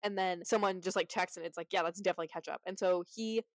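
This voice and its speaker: A woman's voice: fairly low pitch, steady tone, fast, dry recording, poor audio. A woman recapping a movie in a casual, chatty way, sarcastic and full of fillers. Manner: chatty, sarcastic, heavy use of "like".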